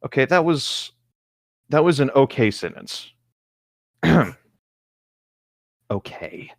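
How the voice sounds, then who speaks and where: A man's voice: mid-range voice, big pitch swings, slow, vocal fry, dry recording, clean studio sound. A man co-hosting a casual comedy podcast, reading a bad novel aloud with sarcastic asides and frequent laughter.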